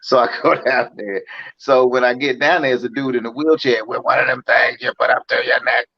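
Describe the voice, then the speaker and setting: A man telling a story in casual chat, animated and acting out the voices of others. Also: medium pitch, fairly quick. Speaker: podcast host. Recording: dull, slightly lo-fi sound.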